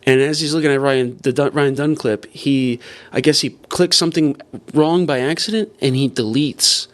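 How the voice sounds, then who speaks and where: A man's voice: mid-range voice, normal speed. A man, a comedian guest, telling a long story casually, full of restarts and swearing. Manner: rambling with many restarts and swearing.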